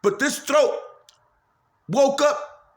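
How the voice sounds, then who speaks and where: A man's voice: extremely high pitch, drawn-out words. A man talking straight into a phone camera in a rambling personal monologue, agitated, swearing freely and repeating himself. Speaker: vlogger.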